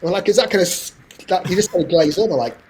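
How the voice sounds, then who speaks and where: A middle-aged man, telling stories as a podcast guest in animated, rambling talk. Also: sits high, a little hiss or hum. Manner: fast, animated anecdote-telling with frequent laughs. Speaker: guest composer. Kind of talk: casual podcast interview storytelling.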